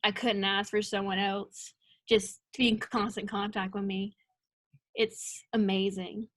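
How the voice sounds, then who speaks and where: A woman's voice: mid-range voice, unhurried, no echo. A young woman, a college soccer player, telling stories in a casual interview and acting out the lines she quotes. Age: young adult. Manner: animated storytelling, acts out quoted lines.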